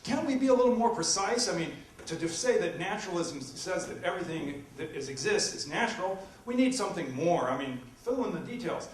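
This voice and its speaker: A man gives a debate talk with many ums and uhs. He sounds distant from the mic, and his voice echoes around a roomy hall. His pitch sits in the middle, with faint noise underneath. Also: expressive, brisk, few pauses. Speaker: philosophy professor in a debate. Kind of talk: public debate presentation. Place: university lecture room. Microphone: distant from the microphone. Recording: echoey room recorded from afar.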